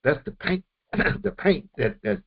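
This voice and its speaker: A man giving a morning Quran commentary lesson, repeating phrases for emphasis with halting restarts. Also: a little high, sing-song, lo-fi sound. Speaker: religious teacher.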